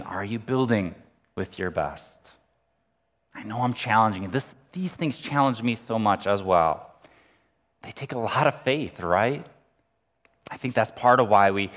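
A man's voice: lowish voice, long reverb tail. A man preaching a sermon as pastor, talking earnestly and conversationally and lifting his voice when he reads scripture.

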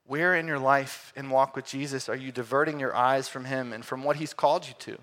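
A man preaching a sermon, swinging between loud emphatic lines and quiet, hushed ones. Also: medium pitch, fairly even intonation, a little fast.

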